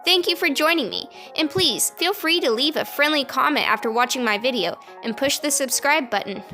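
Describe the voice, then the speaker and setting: A woman's voice: high voice, animated, moderate pace, pushed and bright. A woman music teacher giving an online children's lesson, upbeat and encouraging as she chants spelled-out letters. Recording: roomy and noisy home recording.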